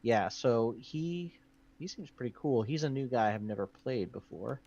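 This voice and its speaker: A man's voice: medium pitch, expressive, moderate pace, darkish tone, muffled recording. A man hosting a board game stream, chattily explaining the rules with plenty of ums and uhs. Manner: chatty, with many fillers. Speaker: board game show host.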